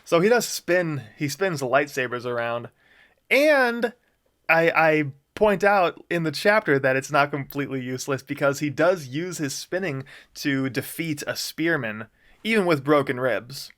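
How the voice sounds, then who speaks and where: A man's voice: on the high side, expressive, a little slow, a bit bright. A man casually commenting on a story he wrote, talking loosely with frequent chuckles and fillers. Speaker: author discussing his own story. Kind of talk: casual commentary on his own writing.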